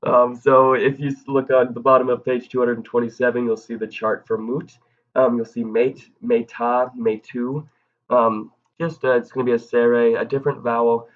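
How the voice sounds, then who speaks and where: A man giving a recorded video grammar lesson in a casual, halting way, with frequent ums and self-corrections. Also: medium pitch, level tone, dull audio. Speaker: grammar teacher.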